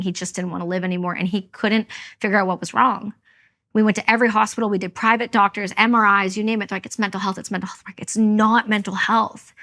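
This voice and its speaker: Woman from Canada, gravelly voice, middle pitch, blunt, candid, interview guest. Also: a bit bright. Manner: candid, emotional, blunt storytelling. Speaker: guest, veteran. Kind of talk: personal storytelling in an interview.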